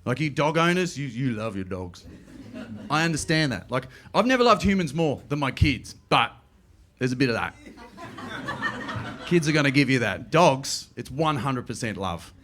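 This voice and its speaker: A middle-aged man with an Australian accent doing a stand-up comedy routine, telling stories quickly and slipping into playful voices. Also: mid-range voice, slight background noise. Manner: animated, quick storytelling with playful put-on voices. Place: comedy club stage.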